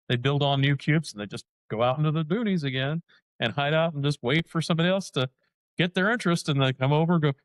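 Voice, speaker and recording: A man co-hosting a casual podcast chat, rambling and animated, acting out little quoted voices as he talks. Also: medium pitch, dry recording, low-quality recording. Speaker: podcast co-host.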